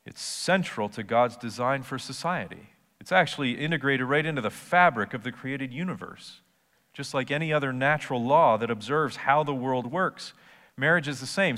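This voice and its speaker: A man's voice: medium pitch, fairly bright tone, big-room sound. A male pastor preaching a sermon, conversational at first and then rising to emphatic points.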